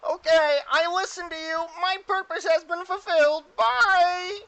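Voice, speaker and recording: A game master voicing an eager, high-strung helper creature, shrill and overeager. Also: unhurried, a bit bright, dry recording, full character voice.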